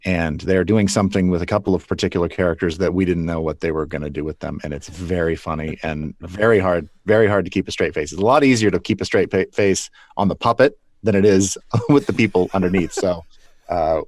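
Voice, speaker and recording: Man, very deep voice, dry close sound, rambling interview answers with chuckles. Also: brisk, no room sound. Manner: loose, rambling with restarts and chuckles. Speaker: puppeteer guest.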